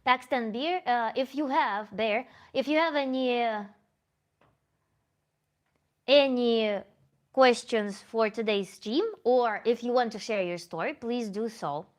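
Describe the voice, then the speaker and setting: A woman in a relaxed livestream Q&A, answering viewers as a tantra coach. She speaks a little high, thinks aloud, and often corrects herself mid-sentence. A light laugh slips in now and then. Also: slow. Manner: thoughtful, self-correcting, with small laughs. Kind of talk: livestream Q&A, reading chat comments.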